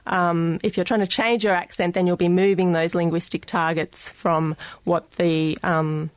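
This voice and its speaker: A woman with an Australian accent, a guest expert explaining speech science on a radio show in a studio, careful and measured with frequent ums. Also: on the low side, level tone, dry recording. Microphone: studio mic.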